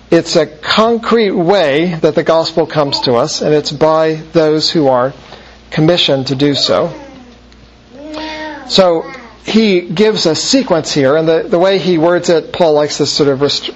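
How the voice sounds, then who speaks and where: A man with a slightly high voice walks through a Bible passage in an explanatory lecture. He pauses and corrects himself now and then. The recording sounds dull and lo-fi, with faint background hiss. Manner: explanatory, with fillers and self-corrections. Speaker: Bible teacher.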